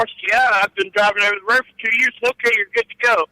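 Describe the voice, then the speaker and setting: Middle-aged man, bright tense voice, rambling profane storyteller, dry close sound. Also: very high-pitched, fairly even intonation, quick pace, no echo, low-quality recording. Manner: rambling, profane, laughing at his own stories. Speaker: guest storyteller. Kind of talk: casual storytelling.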